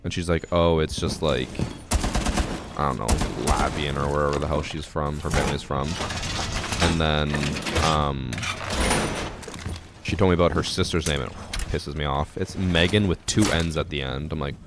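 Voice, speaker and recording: Streamer, man in his 20s, booming low voice, swears freely while venting. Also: steady tone, moderate pace, very noisy. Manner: profane, ranting storyteller. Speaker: live streamer. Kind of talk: casual chat on stream.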